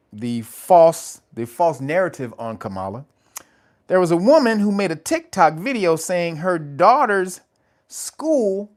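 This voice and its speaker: A man hosting his own channel, giving casual, profane commentary and laughing often as he tells stories. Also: sits high. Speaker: channel host.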